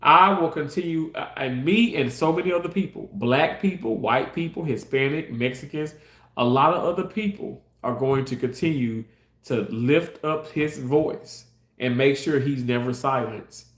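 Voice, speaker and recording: A man's voice: mid-range voice, normal speed, a bit bright, roomy sound. A man ranting on his live stream in a passionate, heated way, cursing and repeating himself. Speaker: live-stream content creator. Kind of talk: casual live-stream rant.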